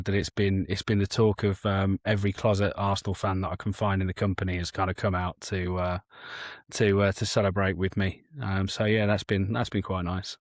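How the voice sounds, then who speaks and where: A man's voice: on the low side, no echo, clean studio sound. A man in casual podcast chat as a guest, hesitant with many ums and restarts, swearing casually.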